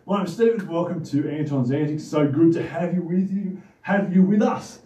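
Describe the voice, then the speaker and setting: A man's voice: fairly high pitch, normal speed, dark tone. A man with an Australian accent hosting a casual children's Bible talk, easygoing and rambling with frequent restarts. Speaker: host and Bible teacher. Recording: roomy echo, distant mic.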